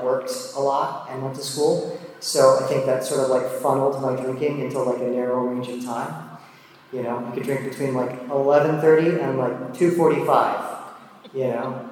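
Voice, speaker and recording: A man in his thirties or older tells his own story in a relaxed, self-deprecating way, full of fillers and asides. His voice sits at an ordinary middle pitch. He is picked up from far off in a large, very echoey hall with a faint hum of ambience. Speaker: speaker sharing his drinking story. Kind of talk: personal storytelling talk.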